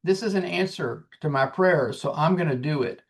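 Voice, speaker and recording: A man in his sixties, a singer-songwriter guest, telling his story in an earnest, animated way and acting out the dialogue. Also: a little high, moderate pace. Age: 60s. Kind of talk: casual storytelling.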